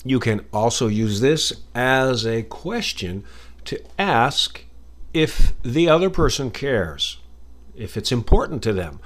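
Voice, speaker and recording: A man's voice: mid-range voice, very animated, unhurried. An American man hosting an English-learning podcast, explaining expressions in a chatty, friendly way. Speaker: English teacher podcast host. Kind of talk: casual English lesson.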